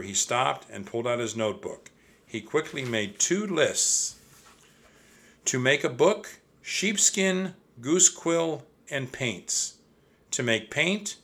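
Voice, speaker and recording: Guy reading a kids chapter book aloud, bright voice, steady and expressive. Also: medium pitch, gravelly. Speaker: narrator. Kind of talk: audiobook storytelling.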